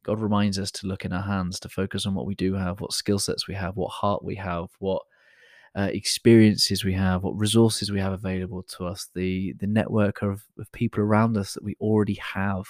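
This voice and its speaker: A man's voice: deep voice, flat delivery, fairly quick, no echo, clean studio sound. A man hosting a podcast, talking in a casual, chatty, motivational way, self-deprecating, with many fillers and restarts. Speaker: podcast host.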